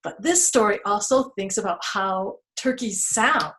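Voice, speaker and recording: A woman hosting a children's museum storytime lesson, playful and animated, making animal noises and sound words for young kids. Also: medium pitch, a little slow, slight background noise.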